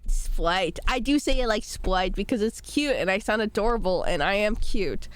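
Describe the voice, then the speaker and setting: A woman's voice: medium pitch, animated, moderate pace, smooth, dry recording. A young woman streaming while sick, chatting casually and rambling between giggles as she reads chat aloud. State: sick, voice rough.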